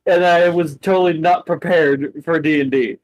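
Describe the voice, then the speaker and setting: A man's voice: a little high, normal speed, no room sound, poor audio. A man narrating as game master of a tabletop game, laughing often and cursing casually. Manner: laughs often, swears, animated.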